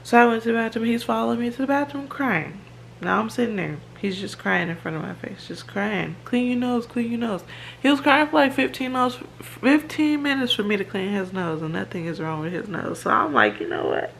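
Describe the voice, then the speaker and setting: A woman's voice: on the high side, expressive, a little fast, creaky, fairly bright tone, slight background noise. A woman, chatting to her phone camera at home in a rambling, casual vlog. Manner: chatty and rambling, with fillers and laughs. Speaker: vlogger.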